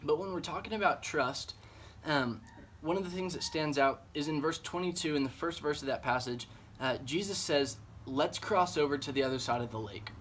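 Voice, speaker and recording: A man, a church's junior high director, giving a casual devotional talk, earnest and full of fillers like "man" and "um". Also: moderate pace, a bit bright, slight background noise.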